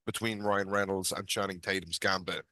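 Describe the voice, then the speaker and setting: Podcast co-host, man, lowish bright voice, dry close sound, opinionated and keen. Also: steady tone, normal speed, dry recording. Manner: opinionated, enthusiastic film talk. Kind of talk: casual chat.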